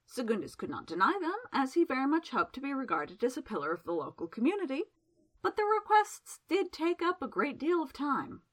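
A woman narrating a fantasy novel aloud in a lively, expressive storytelling manner. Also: high-pitched, fairly quick. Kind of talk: audiobook narration.

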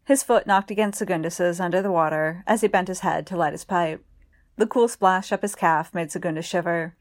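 Calm low-voiced woman reading a story. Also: a little fast. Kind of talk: reading fiction aloud.

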